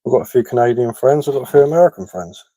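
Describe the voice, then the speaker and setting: This man talks very fast, with lively intonation and a warm, medium-pitched voice, as he hosts a live stream about woodcarving and answers viewers casually. He's English, with a West Sussex accent tinged by London, and his delivery is chatty and matter-of-fact with frequent ums and repeated words. The audio is low quality but free of echo.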